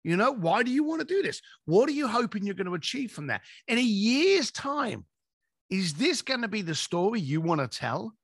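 A man's voice: sits high, sing-song, moderate pace, a bit bright, breathy edge. A man, a business coach telling stories in a podcast conversation and acting out his clients' lines.

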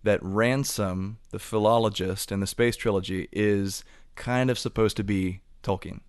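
A man hosting a podcast interview, asking curious and enthusiastic questions in relaxed conversation. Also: on the low side, a little slow, smooth, dry recording, clean studio sound. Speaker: podcast host.

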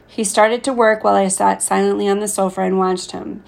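A woman reading a first-person audiobook in a calm, steady way. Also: medium pitch, a little fast, gravelly. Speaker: audiobook reader.

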